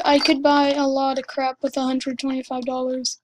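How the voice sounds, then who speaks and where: A woman giving excited commentary over her gameplay, gushing and exclaiming breathlessly. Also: high voice, normal speed, noisy background. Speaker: gamer.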